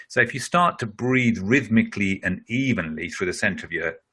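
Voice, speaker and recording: A middle-aged man speaking in a webinar, taking a question and working through the answer at a conversational pace. His voice is bright and a little husky, and it sits somewhat low. He leans on frequent fillers as he explains. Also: fairly quick, few pauses. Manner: explanatory, conversational, with many "you know" fillers. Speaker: speaker on leadership.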